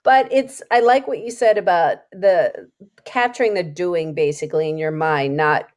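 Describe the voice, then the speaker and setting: A woman's voice: fairly low pitch, moderate pace, a little mellow. Enthusiastic middle-aged woman host. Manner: enthusiastic, reflective, frank. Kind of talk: casual conversation.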